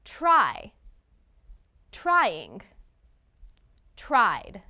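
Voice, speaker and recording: A woman teaching English spelling in a scripted lesson, enunciating each word deliberately for learners. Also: a little high, huge pitch swings, bright, forceful tone.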